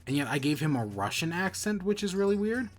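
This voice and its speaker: A man's voice: on the high side, very animated, fairly quick. A man streaming a video game, chatting casually in rambling, self-correcting bursts. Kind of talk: casual gameplay commentary.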